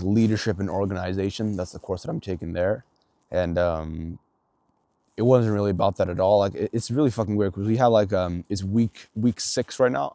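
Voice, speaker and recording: A man's voice: sits low, mellow, no echo. A young man from Sweden with an American-sounding English accent, rambling through a casual video diary with frequent swearing and filler words. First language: Swedish. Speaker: vlogger.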